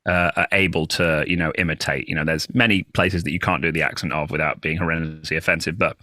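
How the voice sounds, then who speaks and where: A man's voice: very deep voice, steady tone, fast, pushed and bright, no room sound, clean studio sound. A British man, a comedian guest, telling anecdotes in a chatty podcast conversation. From United Kingdom. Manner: chatty anecdotal storyteller, slips into voices. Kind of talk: casual podcast chat.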